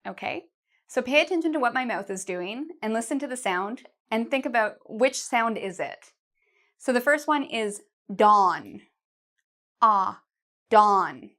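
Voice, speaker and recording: Her voice is on the high side, animated and fairly bright as she teaches English pronunciation on camera. She demonstrates vowel sounds and words for learners to repeat, working patiently and slowly with exaggerated mouth shapes.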